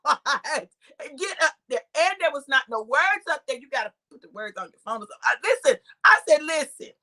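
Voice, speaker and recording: Woman preacher telling a story live, high bright voice, laughs a lot and acts out everybody. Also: very animated, fast talker. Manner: talks straight to viewers by name. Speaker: preacher and live-stream host. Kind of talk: lively storytelling to a live online audience.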